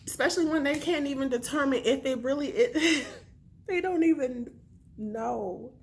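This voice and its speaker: A woman in her thirties speaking in an emotional confessional vlog, soft and halting, at times whispering and close to tears. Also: sits high, slight background noise. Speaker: family vlogger.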